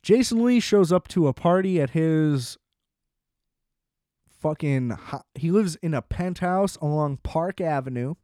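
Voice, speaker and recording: A man's voice: on the high side, lively intonation, measured pace, warm tone, no echo, studio quality. Sarcastic, profane young man ranting. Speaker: film reviewer. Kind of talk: casual ranting movie review.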